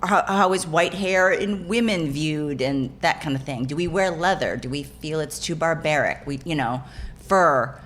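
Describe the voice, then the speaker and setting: Deep-ish lady actor chatting, restarts a lot, laughy, bit of hiss behind. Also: normal speed, fairly bright tone. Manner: rambling, self-correcting, laughing storyteller. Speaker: actor guest. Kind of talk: casual interview chat.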